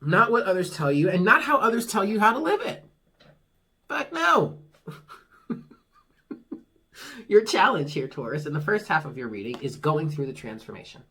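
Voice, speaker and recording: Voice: medium pitch, sing-song, quick pace, hardly any pauses, pushed and bright, breathy edge. A tarot reader giving a casual monthly reading, talking frankly, swearing freely and reassuring the listener. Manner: laughs at own jokes.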